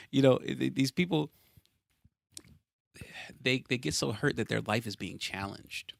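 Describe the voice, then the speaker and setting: A man hosting a podcast from a home basement, ranting casually and profanely with animated exasperation. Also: on the low side, gravelly, no room sound, clean studio sound. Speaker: podcast host.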